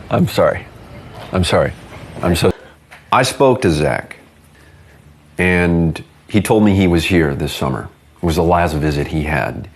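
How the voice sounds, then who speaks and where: A man conducting a mock interview in a calm, probing, deadpan way. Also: low voice, measured pace, long pauses.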